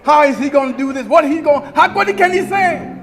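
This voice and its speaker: A middle-aged man, a pastor, delivering a eulogy sermon that builds to shouted, chanted crescendos with a singing preacher's cadence. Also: very high voice, fairly quick. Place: large church sanctuary before a congregation. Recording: long church reverb with organ and congregation.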